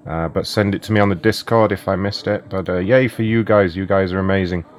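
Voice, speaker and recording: A man's voice: low-pitched, steady tone, brisk. A man hosting a prank call stream, chatting loosely, swearing and laughing. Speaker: prank call show host. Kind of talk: casual streamed chat.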